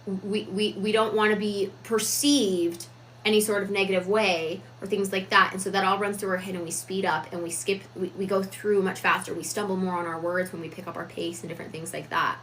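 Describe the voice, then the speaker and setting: A woman giving a reflective, casual talk on personal growth, deliberate with frequent fillers. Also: mid-range voice, little pitch movement, fairly bright tone, a little hiss or hum, rough recording. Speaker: self-improvement vlogger.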